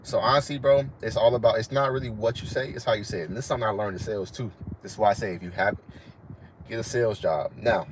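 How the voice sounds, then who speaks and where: A young man from Florida gives casual advice on a live stream. His voice sits low and deep, and he leans on "bro" and repeats himself as he talks. Steady noise runs behind him. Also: fast, rough recording. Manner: casual, says "bro" constantly, repeats points. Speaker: online fitness trainer.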